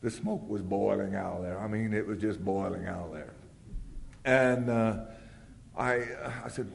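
An older man telling his recovery story with rambling humor, often acting out loud quotes. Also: lowish voice, moderate pace, creaky. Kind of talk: storytelling talk at a recovery meeting. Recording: long hall reverb.

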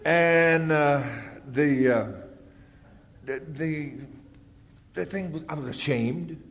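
An older man telling his recovery story with rambling humor, often acting out loud quotes. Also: on the high side, takes it slowly. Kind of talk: storytelling talk at a recovery meeting. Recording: long hall reverb.

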